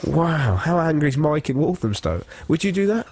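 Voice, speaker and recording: A man's voice: on the high side, sing-song, normal speed, darkish tone, slight background noise. A man hosting a radio show, chatting casually, laughing often and teasing his co-host. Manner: giggly, teasing.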